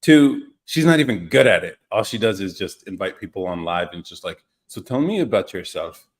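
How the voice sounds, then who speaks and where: A man's voice: low voice, very animated, normal speed. A young man hosting a casual livestream podcast, joking around, laughing often and reacting to viewer comments. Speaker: podcast host.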